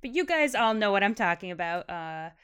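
A woman co-hosting a casual book discussion podcast, animated and analytical. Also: medium pitch, a little fast, clear, resonant tone. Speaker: podcast co-host. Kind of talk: casual discussion, reading excerpts.

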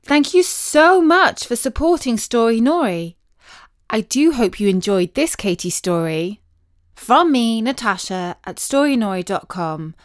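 A woman narrating a children's story in a gentle, expressive storytelling voice. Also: a little high, a little slow.

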